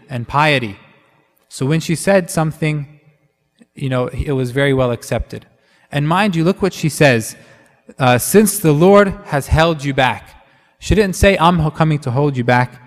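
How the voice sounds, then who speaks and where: A man's voice: medium pitch, in a large hall. A man preaching a sermon in a conversational way, with many fillers and restarts.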